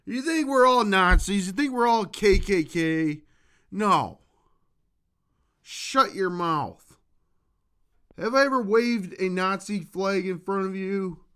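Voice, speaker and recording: A man with a high, bright voice hosts his own comedy vlog in a loose, rambling monologue. He takes his time over every phrase, jumping from loud outbursts to quiet asides, and his tone stays sharp and ringing throughout. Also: takes it slowly, long pauses, clean tone. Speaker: vlogger.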